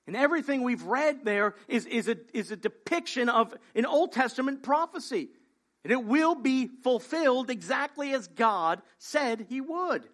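High-voiced man preaching emphatically. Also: animated, moderate pace, bright, forceful tone. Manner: emphatic, conversational preaching with rhetorical questions. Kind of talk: sermon.

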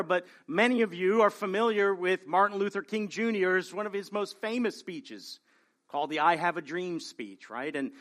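Male pastor, sermon, high-pitched, bright tense tone, earnest delivery, rhetorical asides. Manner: earnest, keeps adding "right?" to his points.

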